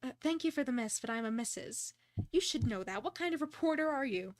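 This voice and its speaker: Woman putting on a haughty high-society widow. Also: lively intonation, no room sound, clean studio sound. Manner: slow, theatrical, self-important.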